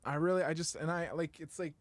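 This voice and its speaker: A man's voice: a little high, fairly even intonation, quick pace, no echo. A man co-hosting a casual podcast chat, rambling playfully and trailing off into mumbles. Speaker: podcast co-host.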